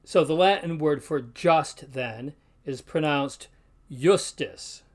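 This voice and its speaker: Male Latin teacher, fairly high voice, careful delivery, slow spelled-out examples. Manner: careful, slowly sounds out example words. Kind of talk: instructional video narration.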